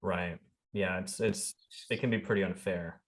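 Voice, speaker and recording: A man's voice: deep voice, steady tone, normal speed. Man asking interview questions. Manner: brief encouraging reactions.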